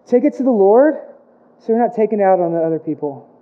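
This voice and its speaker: A man's voice: sits high, animated, fast talker. A man delivers a sermon as pastor. He preaches with emphatic repetition and playful asides. The recording sounds dull and lo-fi. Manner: emphatic preaching with comic put-on voices, repeated phrases.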